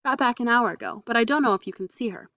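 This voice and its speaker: A woman's voice: fairly high pitch, quick pace, sharp tone, no echo, muffled recording. A woman reading the part of a big, slatternly charwoman who speaks bluntly and doubtfully.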